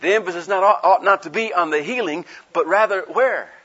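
A man's voice: high-pitched, a little fast, pushed and bright, husky. A man preaching a sermon in a folksy, conversational way, asking his listeners rhetorical questions and acting out the people he quotes. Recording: dull lo-fi recording.

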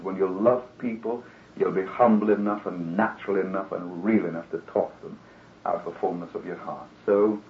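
Male preacher from England, conversational radio sermon, plays out the people he quotes; tinny broadcast sound with room echo. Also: lowish voice. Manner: earnest, conversational, acts out quoted voices.

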